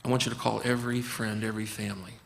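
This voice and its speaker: A man's voice: lowish voice, level tone, racing, creaky, long reverb tail. A man, a physician guest, talking earnestly and explaining his approach, often acting out conversations with patients. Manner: earnest, acts out dialogues with patients.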